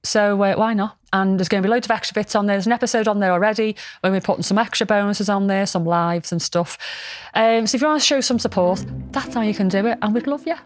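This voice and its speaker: A woman co-hosting a podcast, chatting casually at a mid-range pitch. She rambles along in a frank, jokey way, as if talking to a friend. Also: fast, hardly any pauses, no echo. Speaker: podcast co-host.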